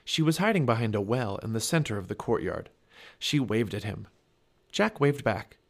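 A man reading a children's chapter book aloud, with expressive storybook narration. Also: lowish voice, normal speed, gravelly. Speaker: family podcast reader.

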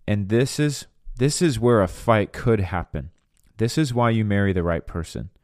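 Young guy, low voice, earnest podcast preacher chatting casually, dry sound. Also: moderate pace, darkish tone, dry recording. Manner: earnest, candid, conversational. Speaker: podcast host and minister. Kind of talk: casual teaching monologue.

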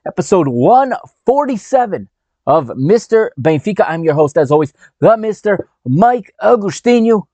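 A man's voice: sits high, very animated, moderate pace, warm tone, no echo, faint music behind. A man hosting a sports podcast, talking in a brash, mocking and sarcastic way while recording at his workplace. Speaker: podcast host.

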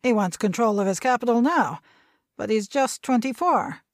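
A woman voicing a sharp, irritable old grandfather. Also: a little high, expressive, moderate pace, dry recording, clean studio sound, close to an everyday voice. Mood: impatient. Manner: sharp, impatient lecturing.

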